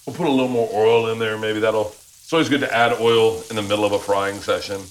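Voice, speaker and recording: A man's voice: lowish voice, fairly even intonation, fairly quick, a little hiss or hum. A man hosting a cooking show, chatting casually and upbeat while he cooks in a kitchen, swearing now and then. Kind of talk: casual cooking demo chat. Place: home kitchen.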